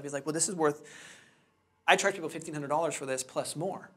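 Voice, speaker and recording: A man in his thirties, a real estate trainer, telling his personal story to a live class with candid, animated quoted dialogue. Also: a little high, fast. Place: training room with hard floor.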